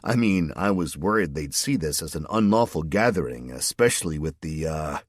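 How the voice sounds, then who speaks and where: A man's voice: extremely low pitch, animated, moderate pace, no echo. A man voicing a wry small-town farmer with a dry, wisecracking manner.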